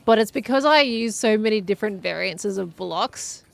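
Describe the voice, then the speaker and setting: A woman's voice: mid-range voice, expressive, normal speed, gravelly. A young adult woman streaming a game, chatting in a rambling, giggly way as she plays. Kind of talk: rambling live gameplay chat.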